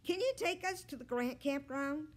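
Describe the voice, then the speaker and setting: A woman voicing an eager, excitable young male dog who narrates a storybook, with loud, high-spirited yelps. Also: moderate pace. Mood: excited.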